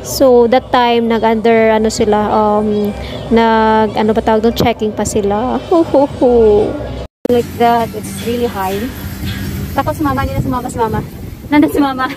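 Woman with a Filipino accent, high-pitched voice, chatty family vlogger, casual narration, outdoors, phone camera. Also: steady tone, normal speed, music in the background, rough recording. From Philippines. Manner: chatty, mixes Tagalog and English, laughs often; coaxing and reassuring children.

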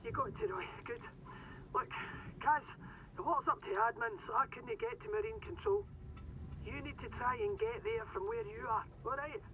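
Rig guy on a crackly phone, high and lively, urgent. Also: normal speed. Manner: urgent, consoling. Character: worried Scottish male rig worker on the phone. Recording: noisy phone line.

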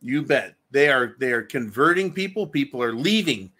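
A man's voice: mid-range voice, animated, moderate pace, pushed and bright, slightly rough. A man hosting a show, ranting angrily about politics and swearing constantly as he reads viewer comments. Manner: angry, crude, swears constantly. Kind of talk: profane political rant.

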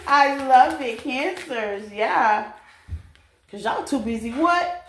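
Slow-paced and expressive, her high, fairly bright voice guides viewers through a relaxed tarot reading full of laughter and affectionate calls of "babies." The room is echoey with faint background noise.

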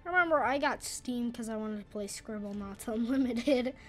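A young woman commentating her own gameplay in a casual, chatty, self-deprecating way on a boom arm mic, with sudden loud exclamations. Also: moderate pace, faint music behind. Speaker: gaming channel host. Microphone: boom arm studio mic.

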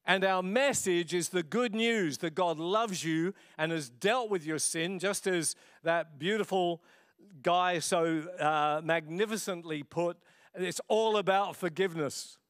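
Man, middle-aged pastor, passionate sermon, slightly high voice, dry sound. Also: measured pace, a bit bright, clear, resonant tone, no echo. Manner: passionate, conversational preaching with laughter. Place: church.

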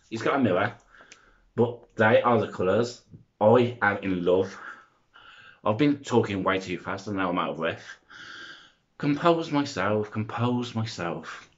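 A young man, chattering excitedly and rambling through a makeup review vlog, filmed on a front-facing phone camera. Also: on the low side, dull audio. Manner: excitable, rambling, self-interrupting. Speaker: makeup vlogger.

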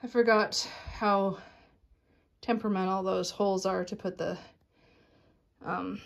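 A woman's voice: mid-range voice, steady tone, a little slow, gravelly. A woman chatting casually in a home vlog, rambling with frequent fillers while she works around her house, at times out of breath. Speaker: vlogger. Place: home bedroom closet.

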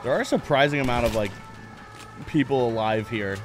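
A man's voice: medium pitch, brisk, music in the background. A man streaming a video game, joking playfully and blurting mock gunshot sounds. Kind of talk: gameplay commentary.

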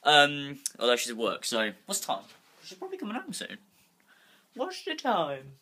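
A young man rambles through a casual vlog in his bedroom, holding his phone in his hand, restless and swearing freely. His mid-range voice swings hugely in pitch, and he talks fairly quickly in a bright, forceful tone.

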